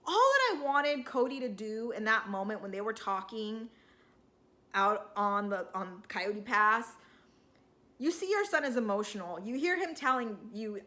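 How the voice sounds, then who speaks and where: A woman's voice: fairly high pitch, sing-song, unhurried, pushed and bright. A woman talking through a TV episode recap in a casual, emotional, rambling way, full of restarts. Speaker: TV recap vlogger.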